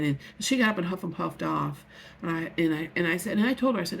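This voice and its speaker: A woman's voice: on the low side, lively intonation, fast, gravelly, a little hiss or hum. A middle-aged woman telling a personal story in an earnest, heartfelt, rambling way, often restarting her sentences. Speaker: vlogger. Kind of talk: emotional personal vlog.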